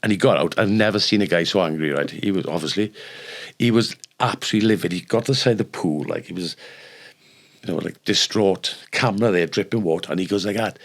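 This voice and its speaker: An older Welsh man and former rugby player, telling lively stories on a podcast and acting out the people in them. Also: deep voice, fairly quick. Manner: animated anecdotes, acts out the people in his stories. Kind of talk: casual storytelling.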